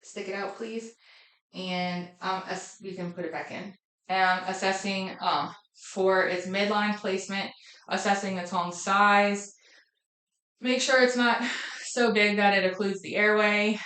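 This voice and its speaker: A woman's voice: medium pitch, steady tone, a little slow, a bit bright. A woman methodically narrating a physical exam demonstration, listing findings aloud with occasional ums. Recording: echoey room.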